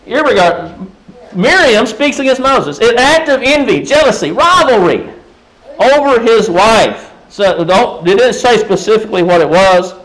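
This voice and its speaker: A man's voice: sits high, expressive, measured pace, fairly bright tone, rough recording. A man preaching a sermon in a conversational way, often turning to the congregation with rhetorical questions. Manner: frequent restarts and fillers.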